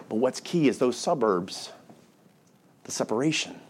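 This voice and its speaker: A man's voice: mid-range voice, lively intonation, unhurried, slight background noise. Male pastor preaching, engaging the congregation with repeated questions and answers. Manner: rhetorical questions, call-and-response with congregation. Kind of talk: sermon. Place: church.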